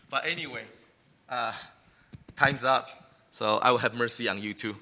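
A man preaching as a pastor, teaching a class and acting out complaining voices in an animated way. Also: mid-range voice, moderate pace, pauses often, slight background noise. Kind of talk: sermon.

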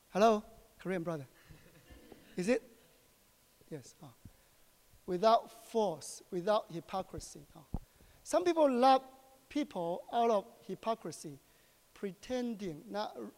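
High-voiced Taiwanese pastor preaching. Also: male voice, long reverb tail. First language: Chinese. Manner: animated, repeats questions to the congregation, halting English. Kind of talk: sermon. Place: church hall.

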